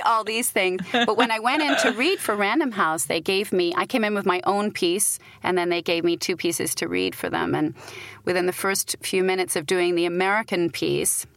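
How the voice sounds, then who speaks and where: A woman's voice: medium pitch, normal speed, fairly bright tone, dry recording. A middle-aged woman from Britain, an audiobook narrator, telling stories animatedly and laughing often in a casual interview.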